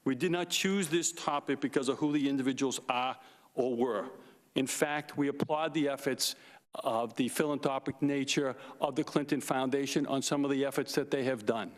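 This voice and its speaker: A man testifying as a forensic investigator at a hearing, emphatic and deliberate, repeating his key points. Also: medium pitch. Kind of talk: formal opening statement. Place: hearing room. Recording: long reverb of a hearing room.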